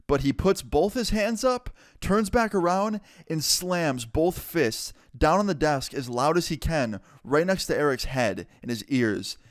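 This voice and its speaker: A man's voice: medium pitch, dry recording, clean studio sound. A man telling a story time in a chatty, casual way, filling his talk with "like" and acting out the people he quotes. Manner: chatty, quick to act out people he quotes, lots of "like". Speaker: storyteller vlogger.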